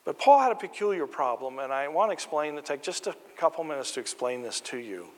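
A man's voice: a little high, lively intonation, fast, big-room sound. An American man preaching a sermon, earnest and building emphasis on key phrases, mixing in light stories. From United States. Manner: storytelling asides with light humor.

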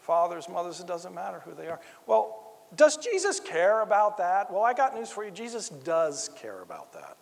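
A man's voice: high voice, sing-song, normal speed, creaky. A man preaching a sermon, earnest and emphatic, driving points home by repeating key phrases. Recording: long reverb of a large hall.

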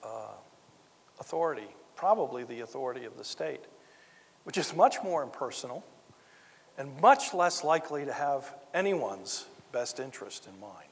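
A man's voice: medium pitch, big pitch swings, normal speed, gravelly, slight background noise. A man preaching a sermon, earnest and emphatic, driving points home by repeating key phrases. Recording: long reverb of a large hall.

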